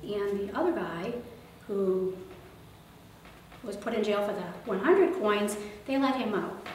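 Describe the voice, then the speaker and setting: A woman's voice: medium pitch, unhurried, slight background noise. Woman retelling a parable to children. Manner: gentle, conversational, asks the children questions. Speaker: children's liturgy leader. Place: church or parish hall. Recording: very echoey room, mic far off.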